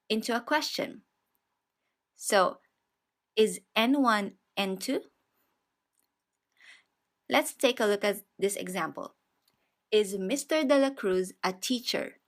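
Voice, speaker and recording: A woman teaching a beginner Japanese grammar lesson, explaining patiently and repeating each example sentence slowly. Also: mid-range voice, a bit bright. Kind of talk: slow, step-by-step grammar lesson.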